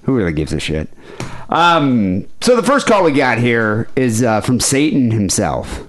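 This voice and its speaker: A man's voice: medium pitch, very animated, measured pace. A man hosting a podcast, joking and rambling in casual banter. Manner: rambling, joking, lots of fillers. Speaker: podcast host.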